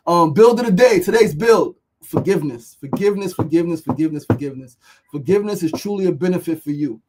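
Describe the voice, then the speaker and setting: A man's voice: fairly high pitch, a little mellow, poor audio. Fired-up swearing man preaching healing. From New York. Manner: passionate, swearing, repeats "right?". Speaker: podcast host. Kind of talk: motivational livestream talk.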